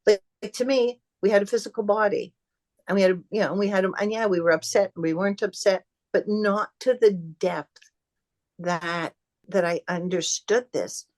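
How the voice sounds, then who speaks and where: A middle-aged woman, a podcast guest, telling her story in a casual, animated way and acting out remembered conversations. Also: medium pitch, normal speed. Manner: animated, acts out quoted dialogue.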